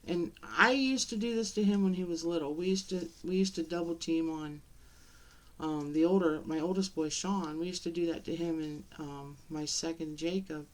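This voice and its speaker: A middle-aged woman talking to the camera in a personal vlog, halting and tearful, with many pauses and restarts. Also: on the low side, fairly even intonation. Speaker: vlogger.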